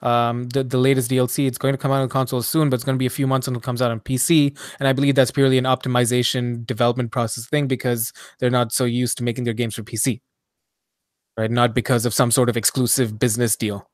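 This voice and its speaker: A man co-hosts a casual gaming podcast, thinking out loud in a rambling way and filling gaps with ums. His voice sits at an ordinary middle pitch. The sound is dry and close, with no room around it. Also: flat delivery, fast, dry recording. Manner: rambling, hedging with many ums. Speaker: podcast co-host.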